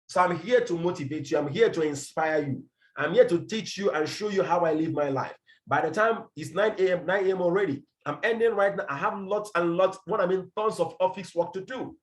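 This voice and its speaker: A man leading his business team in a forceful motivational talk, repeating his points and firing rhetorical questions over a video call. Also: high-pitched, roomy sound. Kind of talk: motivational address to an online team meeting.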